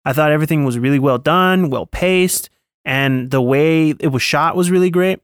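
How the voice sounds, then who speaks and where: A man's voice: a little high, moderate pace, smooth, dry recording, studio quality. A man co-hosting a podcast, chatting casually about a film and acting out lines from it as he retells it. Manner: animated storytelling, acting out quotes. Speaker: podcast co-host. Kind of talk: casual chat reviewing a film.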